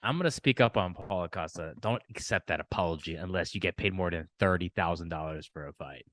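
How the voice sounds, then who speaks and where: A man's voice: sits low, a little fast, fairly bright tone, no room sound. Joking man steering a podcast chat. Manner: joking, steers topics with questions. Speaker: podcast co-host. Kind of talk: casual sports chat.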